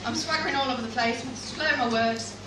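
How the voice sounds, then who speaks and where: A woman with a high voice tells a funny, self-mocking live stand-up testimony. She sounds some way from the mic in an echoey coffee shop, with loud background noise all around her. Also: fast, recorded from a distance. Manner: humorous, self-mocking storytelling. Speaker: stand-up performer. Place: coffee shop performance space.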